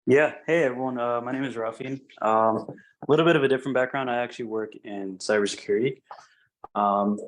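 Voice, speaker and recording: A man's voice: medium pitch, brisk, poor audio. A man casually introducing himself on a video call, with hesitant fillers. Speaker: meeting participant.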